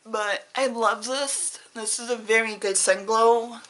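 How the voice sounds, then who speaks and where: A woman with a bright, clear voice chats to camera as a beauty vlogger. She rambles in a candid, personal way, addressing her viewers directly and easily. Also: a little high, slow, rough recording. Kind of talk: casual chat to camera.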